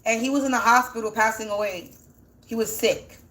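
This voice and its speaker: High-voiced woman spiritual reader, teary-sounding, rambling self-questioning chat. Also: brisk, fairly bright tone. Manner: rambling, asks and answers her own questions. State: voice sounds teary, like near crying. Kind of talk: casual spiritual reading, thinking aloud.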